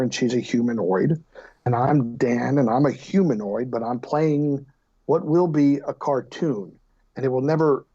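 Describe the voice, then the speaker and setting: A man in his fifties chats as a podcast guest. His voice sits in a middle pitch and he tells stories with lively, joking energy, often restarting his sentences. The audio is somewhat dull and muffled. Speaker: actor guest. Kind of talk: casual podcast interview.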